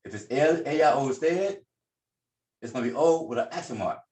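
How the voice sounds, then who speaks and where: A man's voice: medium pitch, expressive, brisk, a little mellow, roomy sound. A man teaching a class at a board, explaining informally and correcting himself as he goes. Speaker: Spanish teacher.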